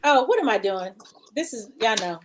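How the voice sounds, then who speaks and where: A woman's voice: a little high, lively intonation, normal speed, over music. A woman hosting a show, chatting casually and calling her listeners y'all. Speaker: talk show host.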